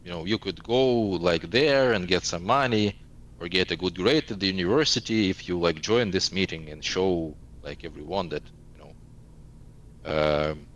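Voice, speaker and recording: A man's voice: low voice, moderate pace, a bit bright, low-quality recording. A man in his thirties from eastern Ukraine, speaking as an interview guest and searching for words in English. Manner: searching for words in a second language. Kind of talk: casual interview talk.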